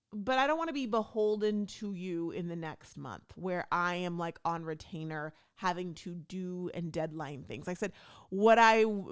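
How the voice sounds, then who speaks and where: A woman hosting her own podcast, talking casually and chattily, acting out what people said to her. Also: lowish voice. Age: adult stepmom. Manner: chatty, animated, acts out quoted talk. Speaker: podcast host. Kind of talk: casual solo talk.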